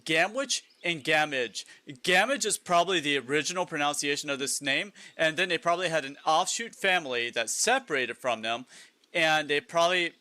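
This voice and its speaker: Bright-voiced man streaming a game. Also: on the high side, lively intonation, normal speed, dry recording. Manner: reads lists aloud and muses, chuckling often. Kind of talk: casual live-stream chat while gaming.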